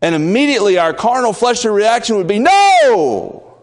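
A man preaching a conversational sermon in a folksy way, building up to loud, emphatic peaks. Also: sits high, fast talker, in a large hall.

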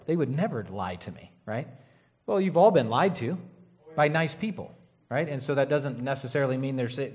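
A man's voice: mid-range voice, a little mellow. Male preacher, conversational sermon delivery, rambling, keeps asking the room "right?". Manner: casual, rambling, frequent "right?" and "you know".

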